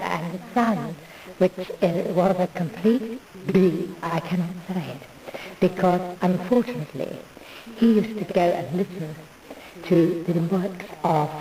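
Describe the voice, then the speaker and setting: A woman's voice: fairly low pitch, dark tone, far from the mic, rough recording. A woman in a meandering, digressive monologue who loses her thread. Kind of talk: rambling monologue.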